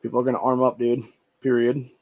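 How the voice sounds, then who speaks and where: An American man with a voice of ordinary pitch runs a solo podcast, reading headlines aloud. He reacts in a loose, profane, ranting way and keeps calling people "dude". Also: monotone, quick pace, muffled recording. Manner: says "dude" often. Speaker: podcast host.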